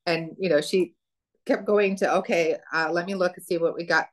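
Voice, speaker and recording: A woman's voice: on the low side, normal speed. A woman telling a client story in casual chat, acting out quotes with laughter. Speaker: practitioner sharing a client story.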